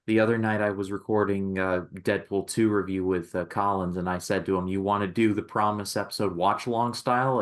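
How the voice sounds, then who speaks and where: A man's voice: on the low side, fairly even intonation, a little fast, hardly any pauses. A man hosting a casual podcast, rambling with lots of fillers and restarts. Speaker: podcast host. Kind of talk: casual chat.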